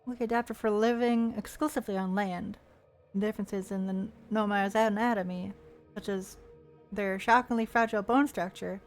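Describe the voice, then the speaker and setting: A woman's voice: medium pitch, fairly even intonation, normal speed, faint music behind. A woman streamer giving playful, chatty gameplay commentary and reading in-game text aloud with joking asides.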